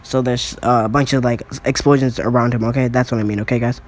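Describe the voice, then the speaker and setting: A man improvising a fan story as narrator in a mid-pitched, ordinary voice. He rambles along, pausing for fillers and correcting himself, and keeps checking that listeners follow. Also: fairly even intonation. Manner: rambling, many fillers and restarts. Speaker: channel storyteller.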